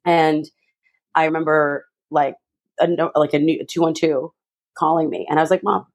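As a guest in an interview, a young woman animatedly recounts something from her own life at a moderate pace. She acts out other people's voices, her pitch jumping sharply.

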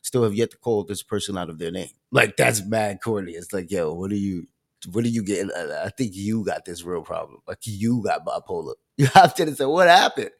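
A man hosts his own live stream in a low voice, talking fairly quickly. He's animated, loud and expressive, leaning on casual slang and plenty of fillers.

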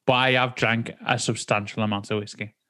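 Teasing man, quick to laugh. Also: on the low side, level tone, pushed and bright, clean tone. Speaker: podcast co-host. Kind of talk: casual chat.

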